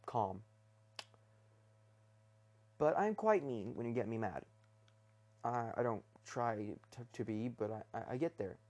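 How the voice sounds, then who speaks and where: A man's voice: fairly low pitch, darkish tone. A young man hosting his first solo talk episode, rambling hesitantly from his bedroom with many fillers and restarts. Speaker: podcast host.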